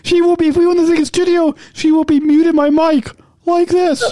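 A squeaky, sky-high voice, as a man puts it on to tease his partner. It is playful and repetitive, and it pokes at the listener in a dry, close sound. The pitch is extreme for an adult. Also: little pitch movement, a little fast, dark tone, no echo. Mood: teasing. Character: man's squeaky high-pitched joke voice, teasing.

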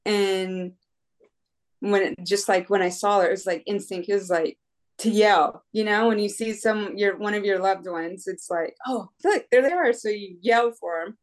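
A woman from the United States recounts a long race in relaxed conversation, her voice sitting at an ordinary middle pitch. She laughs easily and keeps dropping in "like" and "right?" as she talks. She slips into quoting her own thoughts as she tells it. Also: normal speed. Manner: chatty, laughs often, acts out her own inner voice; frequent fillers like "like" and "right?". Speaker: guest, ultra-runner. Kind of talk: casual storytelling.

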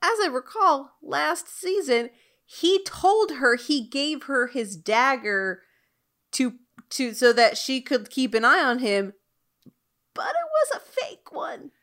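Giggly woman going over a tv episode, a bit high pitched. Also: slow. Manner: lively, rambling, giggly. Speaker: podcast co-host. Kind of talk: casual TV recap chat.

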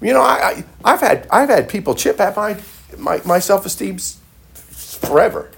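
A man's voice: high voice, sing-song, moderate pace, creaky, breathy edge. A male pastor preaching a sermon emphatically, with repeated phrases and frequent restarts.

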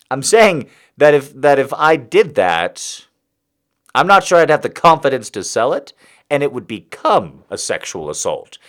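A man's voice: mid-range voice, sing-song, measured pace, fairly bright tone. A man hosting a podcast, delivering a rambling, confessional, self-mocking comic monologue.

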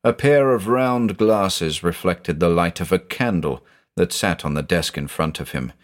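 A very deep-voiced man narrates a scripted audio mystery, swinging his pitch dramatically up and down. His delivery is expressive and full of suspense.

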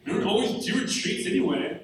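A retreat speaker talks fairly quickly to a live group, candid and joking at his own expense. The mic sits far off in a large, echoing room with an audience, and a little hiss or hum can be heard.

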